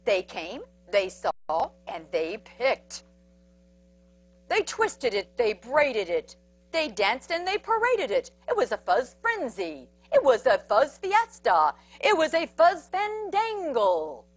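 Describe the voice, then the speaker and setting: Slow, animated woman reading a picture book. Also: high voice. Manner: animated with sound effects and asides to children. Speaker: children's storyteller. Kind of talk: picture book read-aloud.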